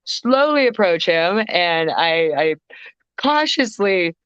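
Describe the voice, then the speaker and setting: A woman who is a guest vocalist, telling a story on a casual podcast in an animated way, with swearing and frequent restarts. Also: fairly low pitch, slow, clear, resonant tone, no room sound, lo-fi sound. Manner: animated, swearing, self-interrupting.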